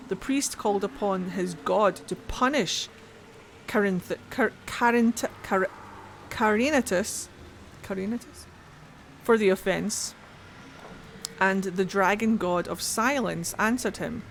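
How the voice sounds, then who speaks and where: A young woman at her home streaming setup, close on the mic, reading fantasy lore aloud in a middle-pitched voice. She breaks off into playful, self-mocking asides and trips over odd names. A faint hum of room ambience sits underneath. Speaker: game streamer. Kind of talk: live-streamed gameplay, reading in-game text aloud.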